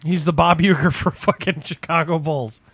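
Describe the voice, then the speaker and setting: A man's voice: on the high side, fairly even intonation, normal speed, fairly bright tone, breathy edge, no room sound. A man co-hosting a podcast, teasing his friend and giggling as they chat about games. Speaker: podcast co-host. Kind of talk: casual chat.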